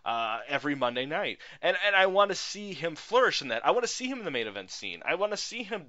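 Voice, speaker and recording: A man's voice: fairly high pitch, big pitch swings, fast talker, sharp tone. A man co-hosting a casual podcast, ranting with plenty of profanity. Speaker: podcast co-host. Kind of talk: casual chat. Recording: dull lo-fi podcast audio.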